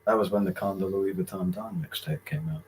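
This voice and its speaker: A teenage man speaks quickly in a lowish voice, firing off dry teasing quips in a casual family chat. A faint hiss of noise sits under his voice. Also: lively intonation, gravelly, darkish tone. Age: teens. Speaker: family member on a stream.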